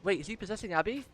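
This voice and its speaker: A man streaming a mobile game live, reading out the story and reacting excitedly as he plans his team. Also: high voice, slightly rough. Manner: excitable, reacts loudly, talks through strategy.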